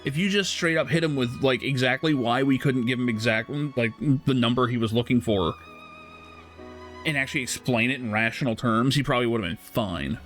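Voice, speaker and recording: A man's voice: mid-range voice, fairly quick, fairly bright tone, faint music behind. A man streaming a game, casually telling a story with frequent laughs and swearing. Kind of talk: casual storytelling while gaming.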